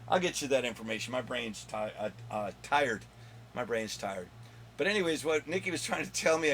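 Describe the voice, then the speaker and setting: A man hosting his own video countdown of comic finds, rambling and joking with his son off camera, with a slightly hoarse voice. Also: mid-range voice, a bit bright, a little hiss or hum. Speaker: comic collector and channel host.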